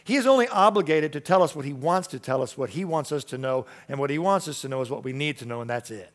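A man preaching a sermon in an emphatic, repetitive way, moving between loud declarations and soft, quiet lines. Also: mid-range voice, expressive, fast talker. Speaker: pastor.

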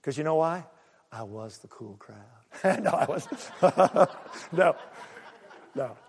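A man preaching a sermon, animated and full of rhetorical questions and acted-out asides to the congregation. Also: a little high, slow, in a large hall, a little hiss or hum. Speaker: pastor.

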